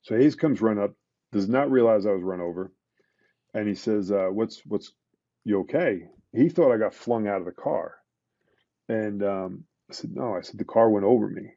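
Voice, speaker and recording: A middle-aged man, a retired police detective, telling a painful story in a casual podcast interview, with halting restarts and fillers. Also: fairly low pitch, creaky, warm tone, no room sound, highs cut off. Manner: emotional, halting retelling with many restarts and fillers.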